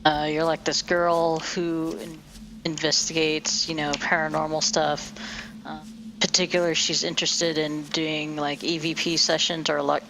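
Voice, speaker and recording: Woman streamer, low voice, rambling casual commentary, faint background hum. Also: little pitch movement, unhurried, sharp tone, poor audio. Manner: rambling, swears casually, many fillers.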